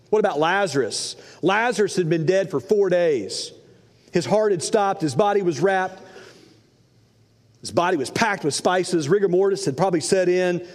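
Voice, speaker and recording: A man's voice: high-pitched, darkish tone, big-room sound. A man preaching a sermon, telling the story with animation and acting out the voices of its people. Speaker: pastor.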